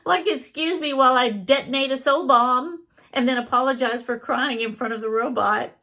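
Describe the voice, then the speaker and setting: A woman's voice: sits high, fairly even intonation, moderate pace, sharp tone, voice pushed up, full character voice. A woman reading out the lines of a sarcastic, wry male AI chatbot in a theatrical way. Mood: teasing.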